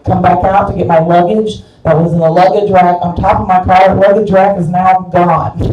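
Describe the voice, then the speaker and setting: A woman stand-up comedian with a mellow, medium-pitched voice tells a crude, rambling story live on stage at a club. She's recorded from far off in the echoey room.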